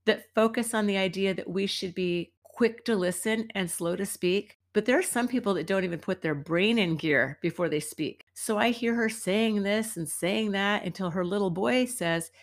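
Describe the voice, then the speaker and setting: Middle-aged woman, from the United States, podcast host, chatty wry storytelling, mid-pitched voice. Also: normal speed, a bit bright. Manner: chatty and wry, acts out quoted people. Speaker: podcast host and dance teacher. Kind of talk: casual storytelling monologue.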